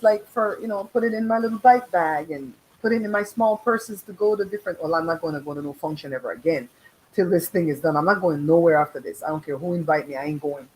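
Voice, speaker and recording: A middle-aged woman hosting a casual livestream, telling animated stories with voiced quotes and casual swearing. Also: medium pitch, poor audio. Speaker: livestream host. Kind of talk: casual live chat.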